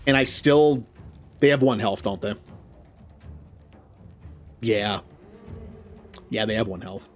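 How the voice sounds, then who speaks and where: A man giving casual gameplay commentary. He talks to the characters on screen and yelps loudly at setbacks. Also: fairly low pitch, slow pace, long pauses, soft background music. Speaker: gaming channel host.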